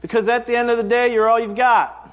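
A man's voice: very high-pitched, level tone, brisk. A man in his thirties preaching a conversational sermon, telling stories and acting out quoted voices for humor. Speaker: pastor. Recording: long hall reverb.

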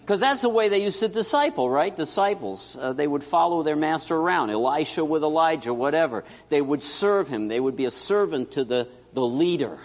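A man preaching a sermon as pastor, telling a story and acting out its dialogue, swinging between loud and hushed. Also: a little high, animated, fairly quick, few pauses. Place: church sanctuary. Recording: echoey church hall.

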